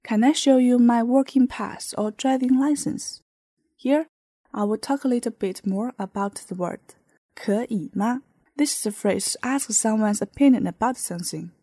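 Slow, mellow-voiced woman teaching. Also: medium pitch, breathy edge, no echo. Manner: patient, explains with many example sentences. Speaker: language teacher. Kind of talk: podcast language lesson.

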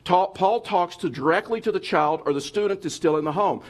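A man's voice: high-pitched, brisk. A middle-aged male pastor delivering a sermon with a slightly raised voice. He presses his point earnestly, turns straight to his listeners, and often stumbles and restarts mid-phrase. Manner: earnest, addressing listeners directly, frequent restarts. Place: church service.

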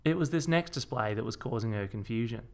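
Brief: male storyteller, dry deadpan delivery, gravelly texture. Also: mid-range voice, brisk. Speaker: narrator. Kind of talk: comic audiobook narration.

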